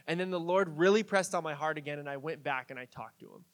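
A man's voice: on the high side, fast talker. A young man preaching a sermon in a casual, conversational way, telling stories with fillers and light jokes. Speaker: pastor.

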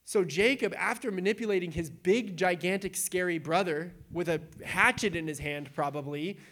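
A young adult man preaching in a casual, animated way, retelling scripture with acted-out quotes. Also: high voice, moderate pace. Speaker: pastor.

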